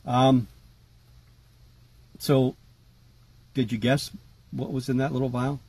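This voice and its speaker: A man talking casually to camera about his tarantulas, relaxed and chatty with lots of fillers. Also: mid-range voice, slow, breathy edge. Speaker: tarantula keeper vlogger. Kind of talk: casual rambling vlog.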